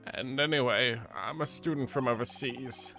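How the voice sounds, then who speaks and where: Game read: British man voicing a distressed young foreign student, strained and high, bright and tense. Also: normal speed, gravelly, soft background music. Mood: bitter. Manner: high-pitched, freaked out.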